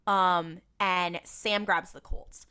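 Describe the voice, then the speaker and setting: Bright-voiced woman recapping with gusto. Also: fairly low pitch, slow, smooth. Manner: animated, acting out lines in silly voices; swears freely, laughs often. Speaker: podcast co-host. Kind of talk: casual recap chat.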